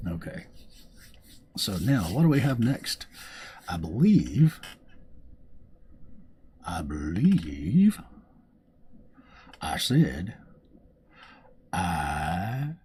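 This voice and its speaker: A man's voice: sits low, animated, moderate pace, darkish tone, slight background noise. A man casually commentating his gameplay, joking around and sometimes reading game lines in silly voices. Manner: joking, reads game dialogue aloud in goofy voices. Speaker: gaming video host.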